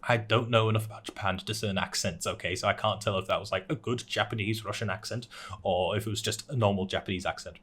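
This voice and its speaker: A young man with a fairly low voice chats casually on an anime talk show. He recaps plot points in a loose, rambling way, full of "uh"s and restarts. He often chuckles at his own jokes. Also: fairly even intonation, brisk, sharp tone, husky. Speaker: podcast co-host recapping anime episodes. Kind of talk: casual chat.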